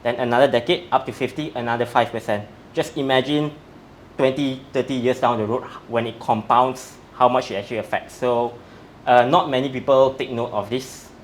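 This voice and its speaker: A man's voice: mid-range voice, steady tone, a little fast, slight background noise. A man, a strength coach, explaining in an interview in a methodical, step-by-step way. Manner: methodical, breaks facts down step by step.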